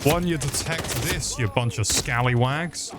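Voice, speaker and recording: Speaking at a moderate pace in a mid-range voice, a gaming commentator offers rambling, crude comedy while playing a video game, trading in joking banter.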